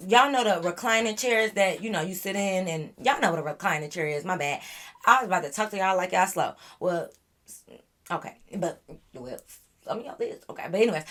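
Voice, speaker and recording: A young woman vlogger telling a wild storytime to her viewers in an animated, slangy way. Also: mid-range voice. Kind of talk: storytime chat to camera.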